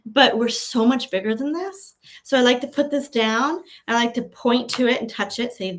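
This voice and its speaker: A woman acting as a spiritual guide, earnestly leading listeners through a slow, repeated affirmation exercise and spiritual talk. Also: fairly high pitch.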